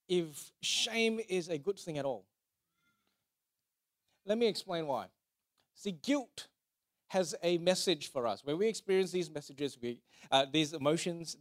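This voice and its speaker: High-voiced man preaching casually. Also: expressive, slow pace, long pauses. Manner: conversational, jokey, asks the congregation to repeat lines. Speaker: pastor. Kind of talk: sermon.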